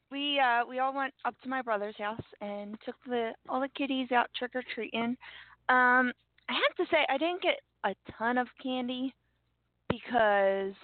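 A woman's voice: fairly high pitch, no echo. A woman co-hosting a radio show, chatting and giggling as she tells stories. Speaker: radio co-host. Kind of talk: casual radio chat. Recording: dry, phone-like audio.

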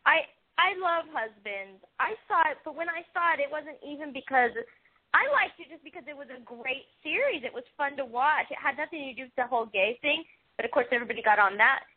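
A woman's voice: high voice, expressive, a little fast. A woman co-hosting a casual chat about a TV show, gushing and talkative with lots of fillers. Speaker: podcast co-host. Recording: tinny phone line.

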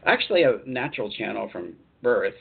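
Husky man hosting a call-in show. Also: mid-range voice, sing-song, brisk. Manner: rambling, chatty, laughs easily. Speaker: radio show host and channeler. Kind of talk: call-in radio chat. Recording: tinny phone-line sound.

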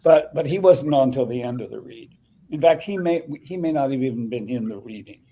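A man's voice: mid-range voice, expressive, warm tone, rough recording. An older man being interviewed as a guest actor, telling a story in a rambling way full of restarts. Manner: rambling, halting recollection with many restarts. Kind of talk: conversational interview.

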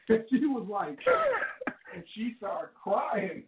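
A man's voice: high voice, animated, slow pace, very noisy. A male radio show host telling stories in casual slang, repeating words as he talks. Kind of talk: casual storytelling chat. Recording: echoey tinny phone-like line, distant mic.

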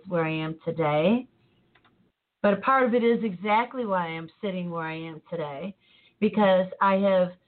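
A woman co-hosting a casual motivational chat, animated and laughing easily, often trailing off mid-thought. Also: mid-range voice. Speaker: co-host. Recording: tinny phone-like line.

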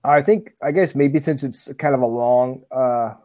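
Mellow-voiced man chatting on a dry mic. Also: mid-range voice, measured pace, no room sound. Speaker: podcast co-host. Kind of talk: casual chat.

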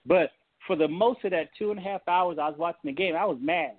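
A man, a pastor, telling a personal story on a call-in talk show in an animated, folksy way. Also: on the high side, brisk, no echo. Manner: animated, folksy storytelling with Southern turns of phrase. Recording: tinny phone-line audio, dry.

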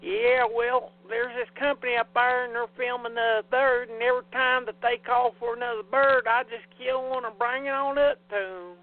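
A man's voice: very high voice, level tone, moderate pace, hardly any pauses. A man putting on a South Carolina accent to voice a rural Southern man who kills birds for a film crew, drawling and matter-of-fact, over a tinny phone line. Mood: casual. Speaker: co-host.

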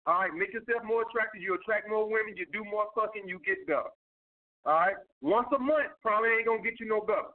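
Brief: high-voiced male host, blunt and cussing, thin phone-like audio. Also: fast talker. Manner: blunt, profane, emphatic. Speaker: host answering viewer questions. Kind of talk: casual livestream advice talk. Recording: tinny phone-like sound.

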